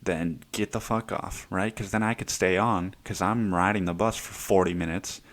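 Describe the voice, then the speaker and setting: Low-voiced man rambling and swearing. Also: steady tone, normal speed, fairly bright tone. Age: young adult. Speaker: podcast host. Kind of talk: casual personal monologue.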